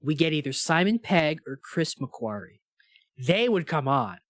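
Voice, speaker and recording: A young man co-hosting a podcast in casual chat, rambling with lots of fillers and quick impressions. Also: a little high, big pitch swings, dry recording, clean studio sound. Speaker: podcast co-host.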